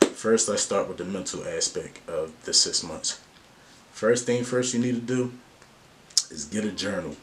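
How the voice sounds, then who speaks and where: A man's voice: low voice, a little slow, slight background noise. A man vlogging life advice in a slangy, earnest and open way. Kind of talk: casual to-camera talk.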